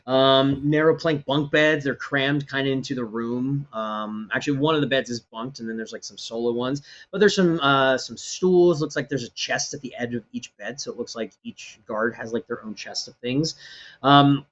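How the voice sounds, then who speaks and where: A man's voice: mid-range voice, steady tone, moderate pace, fairly bright tone, highs cut off. A man narrating as game master, describing scenes in a rambling way with many fillers.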